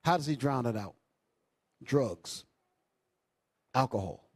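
A male bishop preaching a sermon with impassioned bursts and low asides, calling out to the congregation. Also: animated, slow, breathy edge, no echo. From New York. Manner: calls out to the congregation. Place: church hall.

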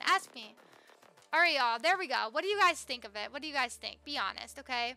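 A young woman streamer chats excitedly with her viewers, gushing over everything she finds. Her voice sits high and sounds bright and sharp. Faint music plays in the background. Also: quick pace. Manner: excitable, gushing, talks to chat. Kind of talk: live game stream chat.

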